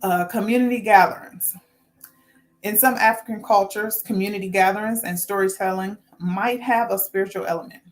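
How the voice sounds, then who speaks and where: A woman's voice: medium pitch, moderate pace. A woman hosting a casual spiritual talk, earnest and informal, often restarting sentences as she works through her points. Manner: rambling, restarts, talks herself through points. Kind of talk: casual spoken talk with notes.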